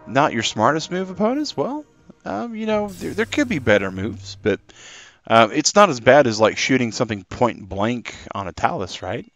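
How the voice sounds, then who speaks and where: A man's voice: mid-range voice, sing-song, moderate pace, fairly bright tone, no echo, faint music behind. A man live-streaming a game, chatting and rambling casually to his viewers. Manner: chatty and rambling, talking to chat.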